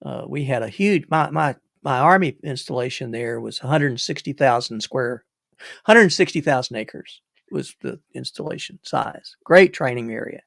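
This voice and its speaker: Gravelly older man telling stories. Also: mid-range voice, sing-song, moderate pace, fairly bright tone, no room sound, studio quality. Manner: rambling, repeats words, chuckles. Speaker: livestream host. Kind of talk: casual storytelling.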